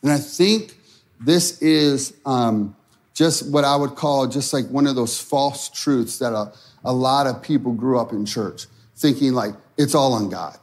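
A man's voice: medium pitch, a little slow. A middle-aged man preaching a sermon as a pastor, in a conversational style that acts out anxious prayers.

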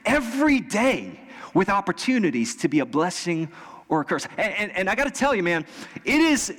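A male pastor preaching a sermon. He shifts between casual storytelling, bursts of loud excited emphasis, and slow, repeated exhortations. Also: high-pitched. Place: church sanctuary. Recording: long reverb from a church hall.

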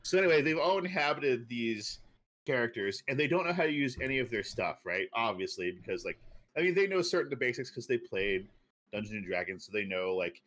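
Rich: A man of ordinary pitch co-hosting a relaxed podcast. He rambles through his ideas, piles on fillers and keeps breaking into laughter between thoughts. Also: fairly quick. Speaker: podcast co-host. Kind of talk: casual chat.

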